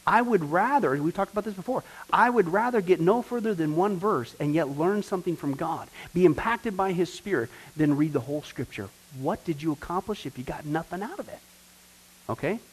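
Animated high-voiced male Bible teacher. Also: fairly quick, slightly rough, low-quality recording. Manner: animated, jokey, acts out quoted voices. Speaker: pastor.

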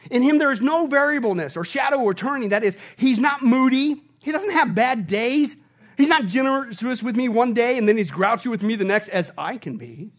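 A man delivers a sermon in a high voice. His delivery is emphatic and repetitive, climbing almost to shouts and falling back to low, hushed warnings. He keeps tossing rhetorical questions to the congregation. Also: animated, normal speed. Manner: emphatic, repeats phrases, rises to shouting and drops to hushed tones. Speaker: pastor.

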